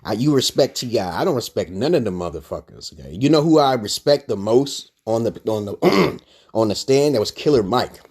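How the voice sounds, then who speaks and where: Man, husky voice, livestream rant, crude and rambling, swooping pitch. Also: animated, moderate pace, a little mellow. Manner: rambling, crude, jumps to high pitch when heated. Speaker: livestream host.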